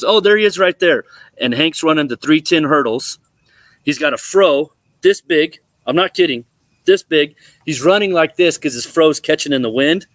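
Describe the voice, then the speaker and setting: Animated man telling a sports story. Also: on the high side, moderate pace, no room sound. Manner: animated storyteller, acts out quotes. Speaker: former college quarterback, guest. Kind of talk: casual storytelling on a sports talk show.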